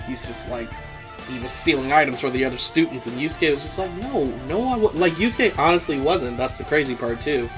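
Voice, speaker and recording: A man hosting a podcast, giving a casual anime episode recap, swearing freely and laughing often. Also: medium pitch. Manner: profane, animated, laughs often. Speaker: podcast host.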